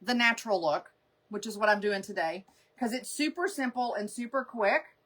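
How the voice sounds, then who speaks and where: A woman laughs often as she rambles through stories during a relaxed live makeup stream. She speaks at a normal speed in a mid-range voice with a fairly bright tone.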